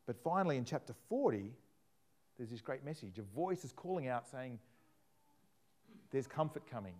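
Animated male preacher, lively voice. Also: mid-range voice, a little fast. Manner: animated, acts out scripture in voices. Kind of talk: sermon.

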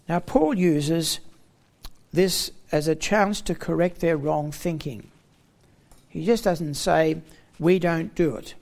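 A man's voice: fairly high pitch, gravelly, a little mellow. A man preaching a Bible teaching sermon in an expository manner, stressing key words with emphatic rising tones.

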